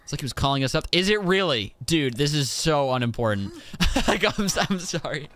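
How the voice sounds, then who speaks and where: A man streaming a video game, giving excitable, joking commentary as he plays. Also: a little high, a little fast. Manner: excitable, exclaims and jokes to himself. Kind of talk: live gameplay commentary.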